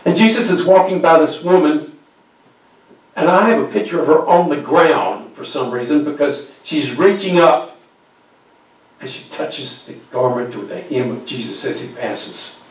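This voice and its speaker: A man's voice: on the high side, expressive, measured pace. Man preaching a story in an echoey church. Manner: acts out quoted voices, drops to near whispers. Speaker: guest speaker. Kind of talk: storytelling sermon. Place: church sanctuary. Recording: very echoey church recording from far off.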